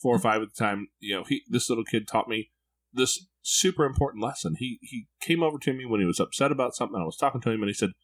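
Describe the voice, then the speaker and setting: A man's voice: mid-range voice, fast talker. A man hosting a parenting podcast, talking in a candid, reflective way. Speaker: podcast host. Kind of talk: podcast interview.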